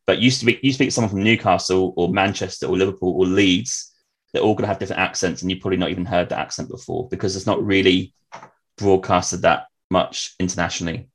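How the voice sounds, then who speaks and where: A man's voice: deep voice, steady tone, quick pace, husky. A man with a southern English accent, hosting a casual podcast chat and patiently explaining things with examples. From southern England. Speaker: podcast host.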